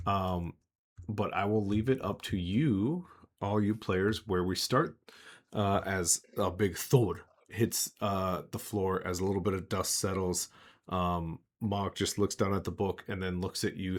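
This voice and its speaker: A man acting as game master, narrating a tabletop game and explaining the rules loosely and conversationally. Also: low-pitched.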